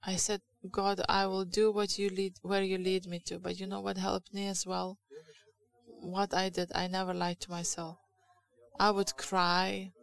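A woman's voice: medium pitch, monotone, measured pace, creaky, rough recording. A woman with a Lithuanian accent preaching a sermon in English, her second language, in a candid, confessional way with frequent halts and restarts.

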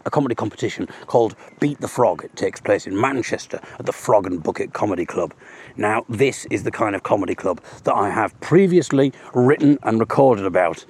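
Brief: male audio blogger, low voice, chatty self-mocking jokes, recorded outdoors on a walk, faint hiss. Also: darkish tone. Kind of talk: rambling comic monologue on a walk. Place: outdoors walking along a road.

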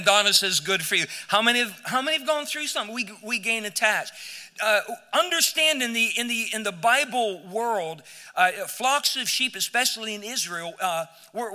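An older man preaching a sermon as pastor in a church, with emphatic, drawn-out phrases and loud swells. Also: high-pitched, big-room sound. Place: church sanctuary.

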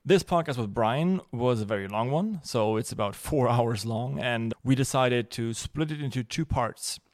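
A man from Germany hosts a podcast with an easygoing, joking manner. His voice sits at a middle pitch, and his talk is loose and full of fillers. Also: moderate pace. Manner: chatty, joking, filler-heavy. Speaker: podcast host. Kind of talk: casual podcast interview.

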